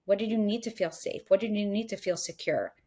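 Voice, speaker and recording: A woman's voice: mid-range voice, brisk, dark tone. Earnest woman giving spiritual coaching talk. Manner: earnest, acts out inner voices in quotes. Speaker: guest speaker.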